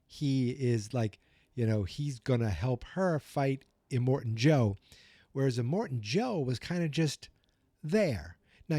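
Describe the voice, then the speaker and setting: A man with a Boston accent talks through a movie review on his podcast, rambling and correcting himself as he goes. His voice is mellow and warm. The sound is close and dry, with no room echo. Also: medium pitch. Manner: rambling, self-correcting, chatty. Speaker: podcast host. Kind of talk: casual movie review chat.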